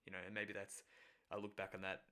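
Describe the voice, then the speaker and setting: A man's voice: fairly low pitch, monotone, brisk, pushed and bright. A man casually recounting a personal experience, rambling with many fillers and self-corrections. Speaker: storyteller.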